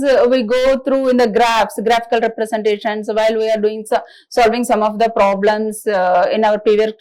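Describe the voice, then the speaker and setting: A woman giving a recorded classroom lecture in a halting, explanatory way, with frequent restarts. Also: a little high, a little mellow, low-quality recording. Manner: halting explanatory delivery, many restarts and fillers.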